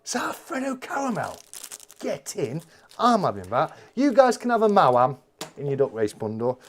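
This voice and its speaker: A man hosting a live-stream unboxing, talking casually and gushing with exclamations. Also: on the high side. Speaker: channel host.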